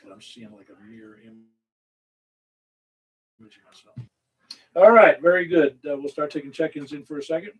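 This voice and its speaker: A man's voice: on the high side, normal speed, pauses often, husky, low-quality recording. A man acting as net control on a ham radio net, chatting casually and rambling with self-corrections. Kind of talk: casual on-air radio chat.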